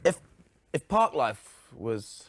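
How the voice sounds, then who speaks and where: A man playing a deadpan, patient TV interviewer in a comedy sketch. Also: medium pitch, slow, dry recording, exaggerated voice.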